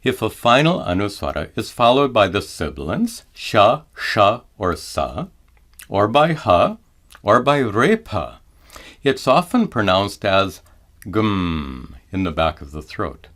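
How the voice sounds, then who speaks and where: Slow, calm man teaching chant. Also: fairly low pitch. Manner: calm, measured, demonstrates each chanted syllable slowly. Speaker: Sanskrit teacher. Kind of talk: slow explanatory lesson with chanted examples.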